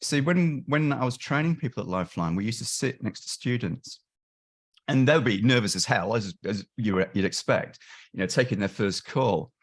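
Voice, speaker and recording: Animated man explaining on a call. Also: medium pitch, slightly rough. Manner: animated, acts out callers and helpers in quick quoted voices; frequent restarts and self-corrections. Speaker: volunteer crisis line trainer. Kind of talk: webinar discussion. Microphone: video call.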